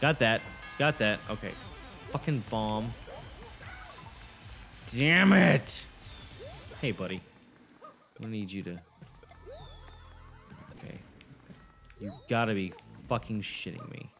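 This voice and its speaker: A man's voice: fairly low pitch, a little slow, pauses often, fairly bright tone, soft background music. A young man commentating his own gameplay, swearing, boasting and getting frustrated as he talks to a friend. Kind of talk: swearing let's-play commentary.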